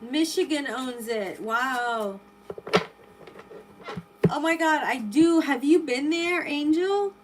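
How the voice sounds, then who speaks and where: This woman's high-pitched, expressive voice moves at a slow pace with frequent pauses, over background noise. She hosts a live tarot stream, reading viewer comments, chatting, and reacting with many exclamations and rambling restarts.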